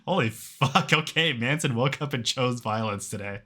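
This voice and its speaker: A man's voice: mid-range voice, lively intonation, moderate pace, bright, forceful tone. A man giving casual, amused reaction commentary while playing a visual novel, laughing and swearing freely. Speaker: let's-play host.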